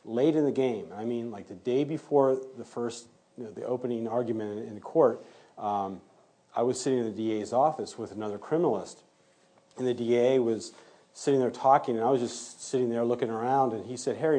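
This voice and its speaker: A man with a dark, mellow, slightly husky voice recounts events in an interview. He tells it in an animated way and acts out the back-and-forth he quotes. He talks like a working forensic DNA analyst. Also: mid-range voice, fairly quick. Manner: animated retelling, acting out quoted exchanges. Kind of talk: storytelling in an interview.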